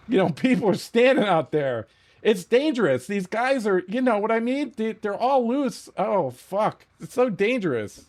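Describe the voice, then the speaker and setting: A man streaming a game, telling a story in a profane, animated way and often laughing at it. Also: sits high, normal speed. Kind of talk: casual storytelling while playing.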